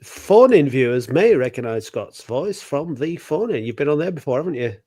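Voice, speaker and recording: A man's voice: fairly high pitch, animated, normal speed, warm tone. A man hosting a podcast, chatting and joking with his guests. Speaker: podcast host. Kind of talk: casual chat.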